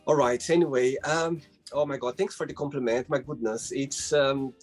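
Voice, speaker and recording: Male host, husky tone, faint music underneath, effusive and gushing on a video call. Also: medium pitch, fairly even intonation, normal speed. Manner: emotional, effusive, many fillers. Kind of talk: casual interview chat.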